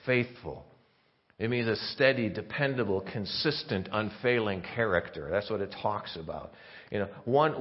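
A man preaching a conversational sermon as pastor, talking in a halting way with many restarts and asides. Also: medium pitch. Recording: dull lo-fi sermon recording.

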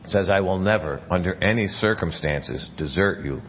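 Deep-voiced pastor preaching in a church. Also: male voice, normal speed, few pauses, muffled recording, slight background noise. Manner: earnest preaching with frequent restarts and repeated words. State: coughing, something in his mouth. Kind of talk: sermon.

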